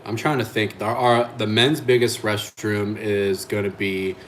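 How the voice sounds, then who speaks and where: A man co-hosting a casual live stream, talking in a relaxed, easygoing way. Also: on the low side, a little slow, a little hiss or hum. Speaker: co-host, theme park custodian.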